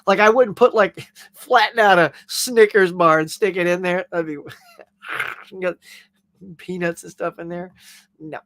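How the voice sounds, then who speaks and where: A man's voice: high-pitched, fairly even intonation, a little slow, long pauses, a bit bright, no room sound. A man hosting a casual pop culture show, chatting and rambling through viewer comments with frequent laughs. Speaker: podcast host reading viewer comments. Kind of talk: casual chat.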